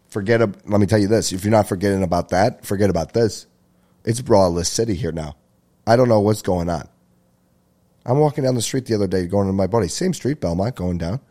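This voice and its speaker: A man hosting his own comedy podcast, talking alone in a rambling, profane way, laughing at his own jokes and jumping into loud, high-pitched rants. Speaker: stand-up comedian and podcast host. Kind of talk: solo comedy podcast monologue.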